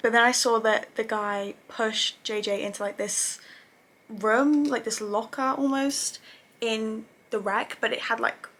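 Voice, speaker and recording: A woman's voice: fairly high pitch, fairly even intonation, unhurried, a bit bright. A young woman casually recapping TV episodes, chatty and gushing, with lots of fillers and self-corrections. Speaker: TV review vlogger.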